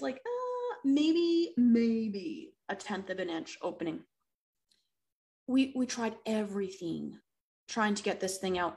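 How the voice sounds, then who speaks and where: A woman in her thirties preaching a sermon, acting out people's excuses in lively voices. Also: a little high.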